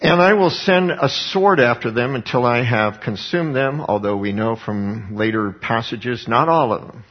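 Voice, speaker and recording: A husky middle-aged man delivers a sermon in a fervent, conversational way, often doubling back on his words. His voice sits at an ordinary pitch, slightly breathy. The recording sounds dull and lo-fi. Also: animated, normal speed, hardly any pauses. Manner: fervent, conversational preaching with frequent restarts. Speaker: preacher.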